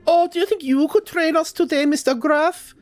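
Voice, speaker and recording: A man putting on squeaky eager kid adventurers with a foreign accent. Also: moderate pace, dry recording, soft background music. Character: eager young boy adventurers, excitable and cheeky.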